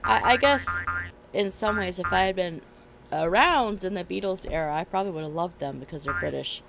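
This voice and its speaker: Chatty woman streamer with gravelly voice. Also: fairly low pitch, a little fast. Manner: chatty, rambling, laughs often. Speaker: game streamer. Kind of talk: casual chat while playing. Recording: loud game music behind.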